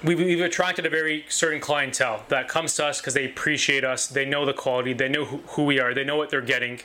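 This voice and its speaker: A man's voice: medium pitch, fairly even intonation, quick pace, pushed and bright. A man who owns a butcher shop talks about his business with enthusiasm, repeating phrases and restarting his sentences often. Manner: enthusiastic, repetitive, many restarts. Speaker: butcher shop owner, guest. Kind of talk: casual interview talk.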